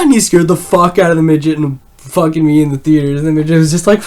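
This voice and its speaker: A man's voice: fairly high pitch, fast, a little mellow. A man casually recapping a film, rambling, swearing often and leaning on "like" as a filler. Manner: rambling, swears a lot, heavy use of "like". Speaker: film reviewer.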